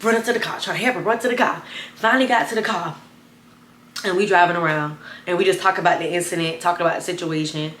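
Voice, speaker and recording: A young woman telling a wild personal story to camera, animated and chatty, talking straight to her viewers. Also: fast, echoey room, a little hiss or hum. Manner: animated, addresses viewers as y'all, bursts of high excited retelling. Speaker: storytime vlogger.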